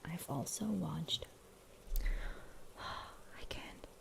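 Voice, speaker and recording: A woman's voice: low voice, drawn-out words, gravelly. A German woman whose first language is German, hosting a rambling, giggly whispered ASMR chat. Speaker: ASMR host.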